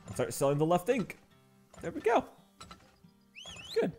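A man's voice: high voice, huge pitch swings, measured pace, music in the background. A man giving casual let's-play commentary on a game, joking and playfully mock-angry as he bosses his in-game workers around. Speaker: gaming channel host.

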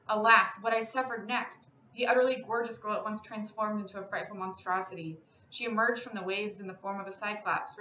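A woman reads a literary story aloud in a measured, expressive way, her voice bright and clear. The sound is roomy, a little distant from the mic, with a faint hiss behind. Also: medium pitch. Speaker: classics professor reading aloud. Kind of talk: literary reading.

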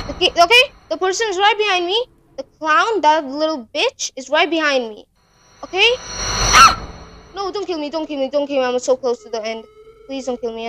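A woman with a high voice commentates her own horror game run. She talks to her viewers in a panicky rush and swears constantly. It sounds like a desk mic while gaming. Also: fairly bright tone, a little hiss or hum. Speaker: gaming channel host.

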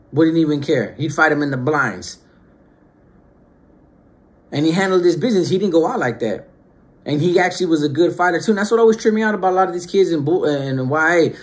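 Slangy man, higher voice. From Northern California. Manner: street slang, swinging between hushed asides and raised bursts. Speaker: storyteller recounting his youth. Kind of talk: casual storytelling to camera.

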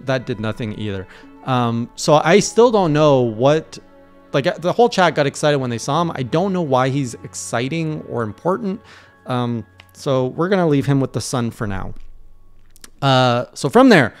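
A man's voice: mid-range voice, lively intonation, brisk, faint music behind. A young man recapping a video game run in a casual video journal, acting out his own panicked reactions as he tells it. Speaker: streamer recapping his playthrough.

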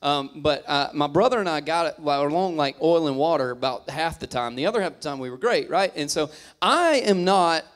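A man's voice: a little high, expressive, fairly quick. A man in his thirties, a pastor, preaching a humorous sermon and teasing the congregation as he tells stories. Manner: joking, teasing storyteller addressing the crowd.

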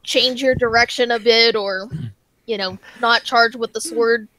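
A woman's voice: a little high, steady tone, unhurried, sharp tone, no echo, low-quality recording. A woman playing a tabletop game, chatting casually and playfully about her character's moves. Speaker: player.

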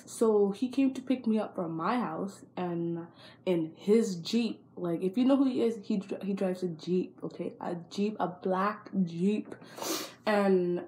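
A woman's voice: mid-range voice, a little slow, mellow. A young adult woman telling a storytime vlog in a blunt, profane and exasperated way. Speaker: vlogger.

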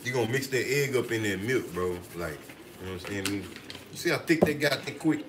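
Lively-voiced playful man cooking. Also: mid-range voice, brisk, noisy background. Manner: playful, teasing, repeats "you understand me?". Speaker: co-host cooking on camera. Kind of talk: casual joking chat while cooking. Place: home kitchen.

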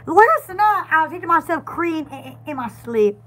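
A woman's voice: extremely high pitch, sing-song, normal speed, a bit bright. A woman hosting a live sale, chatty and giggly, stumbling and repeating words. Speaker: live-stream seller. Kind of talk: casual live sale chat.

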